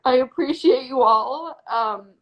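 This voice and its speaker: A woman hosting a phone livestream, laid-back and giggly, talking softly to her viewers. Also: high-pitched, unhurried, highs cut off. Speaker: livestream host. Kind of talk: casual livestream chat.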